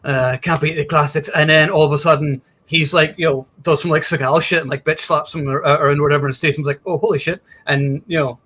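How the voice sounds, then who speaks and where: A man's voice: fairly high pitch, flat delivery, quick pace, few pauses, a bit bright. A man co-hosting a casual online movie chat, laid-back with sarcastic quoted asides. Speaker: podcast co-host.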